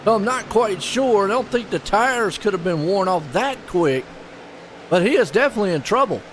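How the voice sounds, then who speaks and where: A man calling a live sim race play-by-play, excitable and folksy. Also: sits high, moderate pace, slight background noise. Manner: excitable, folksy, puzzled asides. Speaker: race commentator.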